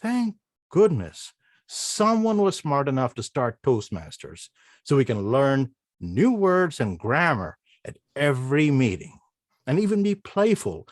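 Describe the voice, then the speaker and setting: A man performs a humorous prepared speech at a speaking club. He talks slowly with a very lively, swooping pitch. He asks playful rhetorical questions, and the room sound is dry and close. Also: no echo. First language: not English.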